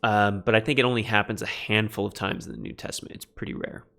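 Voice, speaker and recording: A man teaches biblical Greek in an easygoing lecture, his voice bright and pushing forward. He thinks aloud, corrects himself, and leans hard on the key phrases. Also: on the low side, fairly even intonation, fast talker, vocal fry. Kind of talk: casual classroom lecture.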